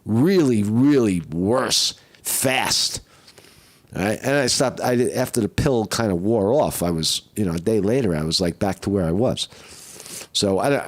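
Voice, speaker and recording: A man who is sick with the flu, with a rough throat, rambling and swearing in a casual live-stream monologue and often asking "right?". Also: on the low side, expressive, normal speed. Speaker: vlogger.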